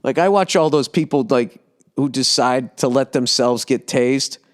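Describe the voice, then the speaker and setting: A man in his fifties with a Boston accent, a comedian casually ranting on his podcast, profane and animated. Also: mid-range voice, unhurried. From United States. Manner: profane, animated, acts out yells and impressions. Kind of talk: casual rambling monologue.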